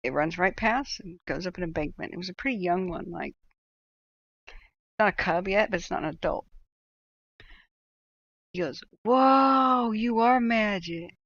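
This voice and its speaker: A woman's voice: fairly low pitch, a little fast, gravelly, a bit bright, dry recording. Woman host spinning a long, chatty story at home on stream; dry, slightly muffled sound. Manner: rambling, chatty anecdote-telling with asides. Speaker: livestream host. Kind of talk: casual storytelling chat.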